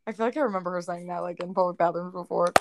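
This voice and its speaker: A woman's voice: lowish voice, steady tone, racing, no room sound. Chatty young woman, dry close mic. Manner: casual, filler-heavy, chatty. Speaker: podcast co-host. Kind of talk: casual chat.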